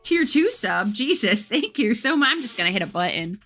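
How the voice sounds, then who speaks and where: A woman's voice: a little high, very animated, fairly quick, fairly bright tone. A woman streamer who reads fan fiction aloud for laughs, with amused asides and thanks to her viewers. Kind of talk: comedic live reading of fan fiction.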